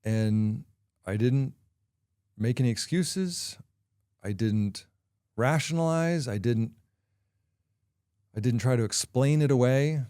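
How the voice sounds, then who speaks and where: A middle-aged man hosting a podcast, talking through a personal confession in a candid, halting way with frequent pauses. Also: mid-range voice, dark tone, no echo, clean studio sound. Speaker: podcast host.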